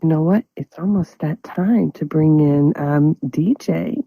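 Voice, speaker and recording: A woman's voice: sits low, measured pace, vocal fry, dry recording, phone-quality sound. A woman hosting a show, telling a funny story in casual chat and laughing through her words. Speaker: show host. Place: studio.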